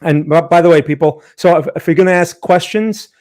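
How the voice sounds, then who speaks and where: A man talks casually into a desk mic while hosting a live trading stream. His voice sits a little higher than most men's. He greets viewers by name and restarts his sentences often. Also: brisk, darkish tone.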